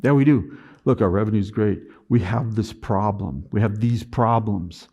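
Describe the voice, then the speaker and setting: A middle-aged man speaking at a conference, telling a personal business story and acting out his past self in an animated way. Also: lowish voice, normal speed.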